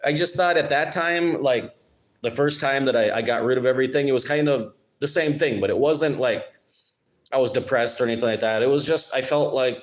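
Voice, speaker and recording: A man from Minnesota, hosting his channel in a rambling, sarcastic live-stream chat. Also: mid-range voice. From Minnesota, United States. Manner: rambling, halting, with many restarts and sarcastic asides. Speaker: YouTube channel host.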